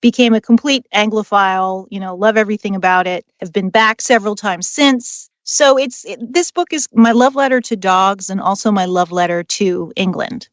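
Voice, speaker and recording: An enthusiastic woman author chats as a podcast guest, warmly excited about her work. Her voice sits at an ordinary pitch for a woman. The sound is dry and close, with no room echo. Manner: enthusiastic, chatty, quick to laugh. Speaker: author and dog trainer, guest. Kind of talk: podcast interview.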